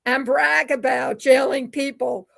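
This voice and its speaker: A woman's voice: sits high, fairly even intonation, unhurried, gravelly. A woman hosting a talk radio show, reading news quotes with sarcastic asides. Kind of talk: opinion commentary reading quotes.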